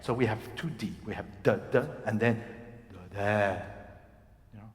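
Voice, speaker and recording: In a concert hall with long, roomy reverb, a male voice coach leads a singing masterclass. His lowish voice moves at a moderate pace as he talks animatedly, speaking and singing phrases to demonstrate.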